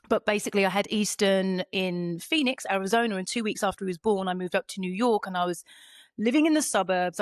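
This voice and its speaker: A woman from Europe chats as a podcast host in a mid-pitched voice, wandering through her thoughts with plenty of ums and false starts. Her voice is recorded close and dry, with no room sound around it. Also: dry recording. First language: not English. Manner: rambling, with frequent ums and restarts. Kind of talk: casual podcast chat.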